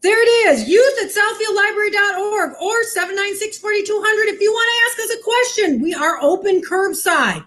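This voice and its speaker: A woman's voice: very high-pitched, normal speed, hardly any pauses, a bit bright. A woman librarian showing children how to cook, talking cheerfully in a sing-song way. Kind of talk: cooking demo for kids. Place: library lounge.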